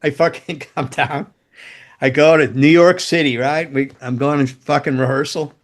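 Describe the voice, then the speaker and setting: A man's voice: on the high side, steady tone, moderate pace. A man in his sixties, a former guitar tech, telling profane, rambling road stories as a podcast guest. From United States. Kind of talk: casual storytelling.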